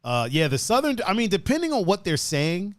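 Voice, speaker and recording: A man's voice: high-pitched, huge pitch swings, brisk, no echo, studio quality. A man from hosting a casual chat, laid-back, swearing and laughing often. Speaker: host.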